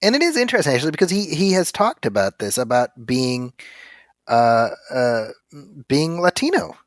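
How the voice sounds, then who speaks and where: Podcast guy chatting casually, lively up-and-down voice, dry close mic. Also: on the high side, normal speed, no echo. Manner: animated storytelling, reads listener mail aloud. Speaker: podcast co-host. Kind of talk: casual chat.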